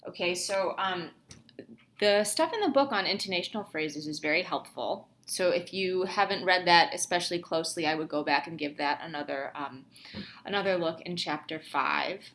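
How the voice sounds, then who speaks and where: Low-voiced young woman teaching a lab. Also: moderate pace, fairly bright tone. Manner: casual, thinking aloud, many ums and restarts. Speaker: instructor. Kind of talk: screen-recorded lab tutorial.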